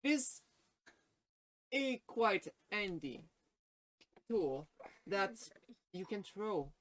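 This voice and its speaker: A woman narrating as game master of a tabletop game, speaking in a hesitant, halting way full of fillers. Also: mid-range voice, low-quality recording.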